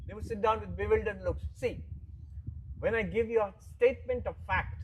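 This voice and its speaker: A man speaking as a monk, in a fairly high and husky voice. He gives a spiritual lecture in an animated way and acts out the people he quotes. He repeats his points patiently as he explains them. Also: fast, rough recording. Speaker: monk teaching philosophy.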